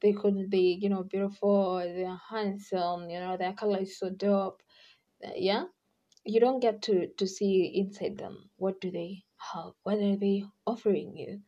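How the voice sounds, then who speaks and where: Chatty woman with a husky voice. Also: medium pitch, steady tone, measured pace, warm tone, dull audio. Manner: chatty, acts out quoted voices, laughs often. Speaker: podcast host. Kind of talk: casual advice monologue.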